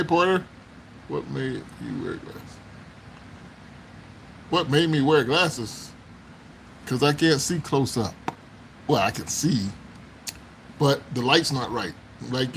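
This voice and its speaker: Man, livestream host, slow unhurried talk, laughs a lot, chatty exclamations, faint background hiss. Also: medium pitch, a bit bright, poor audio. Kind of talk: casual live chat. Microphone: phone.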